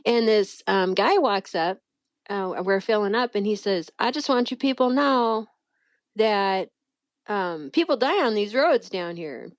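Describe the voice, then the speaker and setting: Animated woman telling a story. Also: unhurried, dry recording. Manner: animated, acts out quoted voices with big pitch jumps. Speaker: guest telling a faith story. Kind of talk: casual storytelling.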